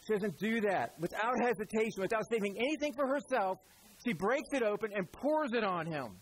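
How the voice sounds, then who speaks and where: Husky high-voiced man preaching. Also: lively intonation, fairly bright tone, low-quality recording. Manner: conversational preaching with quick asides; acts out voices in quotes. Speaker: pastor. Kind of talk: sermon.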